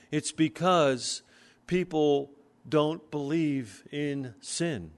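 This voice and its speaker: Slow, earnest male preacher. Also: fairly high pitch. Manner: earnest, explanatory, reads scripture slowly. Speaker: pastor. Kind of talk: sermon.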